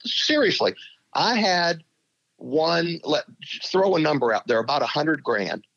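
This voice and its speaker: In dull, lo-fi audio, a middle-aged former pro angler tells stories as an interview guest, laughing animatedly along the way. His voice is fairly high and his pace a little slow, in a conversational storytelling style.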